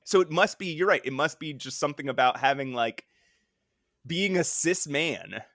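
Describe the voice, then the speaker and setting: Animated male podcast co-host, slightly high voice, dry close sound. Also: normal speed, no echo. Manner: animated, laughs often, acts out quotes in a high voice. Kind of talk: casual chat.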